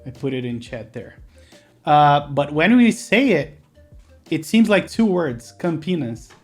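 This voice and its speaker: A man's voice: fairly high pitch, sing-song, unhurried, faint music behind. A man from Brazil, a native Portuguese speaker with a Brazilian accent, chatting casually on a live stream and answering chat while he builds.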